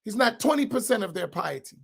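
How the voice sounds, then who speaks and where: Brisk and slightly rough, with vocal fry and big swings in pitch, this man's high voice belongs to an imam running an informal religious class. He speaks conversationally, checks in with listeners and repeats important points for emphasis.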